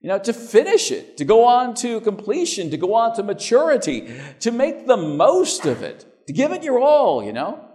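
A man preaches a sermon conversationally, often repeating words as he starts a thought and swinging between emphatic and quiet phrases. His voice is very high, with huge pitch swings, and his pace is moderate.

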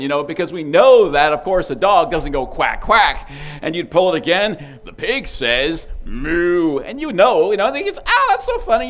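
Guy preaching, high voice that swoops all over, animated storyteller doing toy noises. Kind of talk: sermon illustration.

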